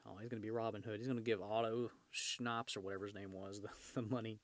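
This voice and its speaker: A man with a fairly low voice reads a comic book aloud in a dry, close room. He breaks off often to joke about the panels, and from time to time he shouts out the characters' lines. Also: level tone, quick pace, dry recording. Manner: shifts into loud shouted character voices for dialogue. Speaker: host reading comics aloud. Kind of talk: casual comic read-along with commentary.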